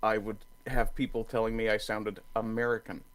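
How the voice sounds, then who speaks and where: A man's voice: fairly low pitch, little pitch movement, moderate pace, poor audio. A man from Newfoundland chatting casually on a podcast with a dry, wry humour. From Newfoundland, Canada. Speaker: podcast co-host. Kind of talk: casual chat.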